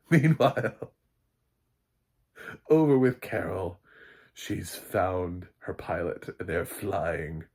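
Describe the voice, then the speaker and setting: A man who is a film critic, giving a casual, rambling spoken recap of a TV episode and often laughing at his own jokes. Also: on the low side.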